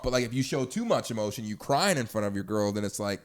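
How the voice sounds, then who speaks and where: A man with a slightly low voice co-hosts a podcast in casual chat. He talks animatedly and now and then jumps into high, joking impressions of other people. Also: expressive, quick pace. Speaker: podcast co-host.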